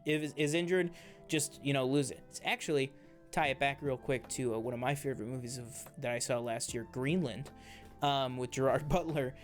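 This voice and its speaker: Chatty man with faint music behind. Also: fairly high pitch. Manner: enthusiastic, rambling with many fillers and restarts. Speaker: co-host of a TV review show. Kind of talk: casual review chat.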